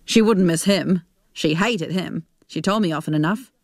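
A woman reading a short story aloud as narrator, in a measured, steady way. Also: lowish voice, dry recording, studio quality.

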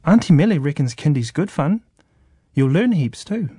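A man voicing a patient, slightly worn mother in a children's story, gentle and coaxing. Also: on the high side, big pitch swings, moderate pace, slightly rough, no room sound, clean studio sound, voice pushed up, full character voice.

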